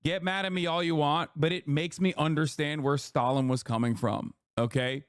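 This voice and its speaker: A man's voice: fairly high pitch, fairly even intonation, normal speed, dry recording, studio quality. A man giving heated, scornful reaction commentary on a video, swearing often.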